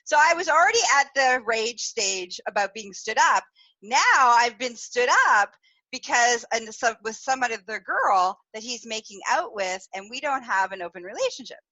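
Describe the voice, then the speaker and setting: Woman podcast host, bright forceful voice, somewhat high, animated candid storytelling, laughs and swears freely. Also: normal speed, highs cut off.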